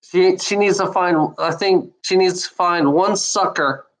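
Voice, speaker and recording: A woman's voice: on the low side, a little slow, rough recording. A woman in a casual rambling monologue, swearing freely and often breaking into laughter.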